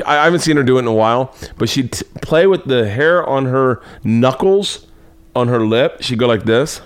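A man's voice: mid-range voice, smooth. A young adult man hosting a comedy podcast, telling a profane story and acting out the voices in it. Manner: profane, animated, acts out voices in his stories. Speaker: comedian host.

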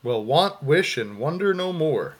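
Husky and a little slow, this podcast co-host speaks in a high-leaning, sing-song voice as he plays through a text adventure, reading out the game's text and adding amused comments.

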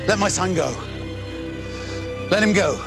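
An actor playing a desperate nobleman father, pleading, in a clip from a TV drama with a strained, gravelly voice. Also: sits high, expressive, unhurried, full character voice. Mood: defiant. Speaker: character in a played TV clip. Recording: clip with loud music under it.

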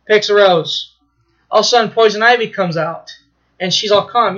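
In a laid-back podcast chat, a male co-host eagerly retells a story's plot, swearing liberally and starting his sentences over. He speaks at normal speed in a high-pitched voice, captured on a muffled recording.

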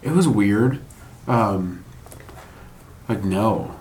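Man, middle-aged, low-pitched, casual podcast talk, rambling, profane. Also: expressive, very slow, a little mellow, slight background noise. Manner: rambling, swears freely, laughs between thoughts. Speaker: guest sharing a grief story.

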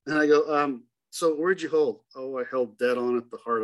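Middle-aged man telling an animated story. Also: mid-range voice, moderate pace. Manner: animated, acts out dialogue in the story. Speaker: hunting guide. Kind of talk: casual storytelling interview.

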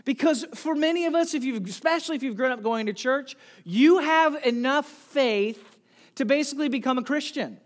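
A pastor preaching a sermon, asking the congregation direct questions and swinging from soft near-whispers to loud emphatic calls. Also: sits high, normal speed.

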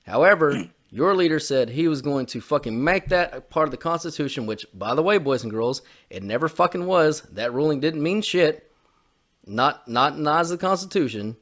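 A man's voice: a little high, lively intonation, normal speed, fairly bright tone. A man co-hosting a podcast, ranting on politics in a heated, profane way. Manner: heated, profane, repetitive swearing. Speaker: podcast co-host. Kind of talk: opinionated political rant.

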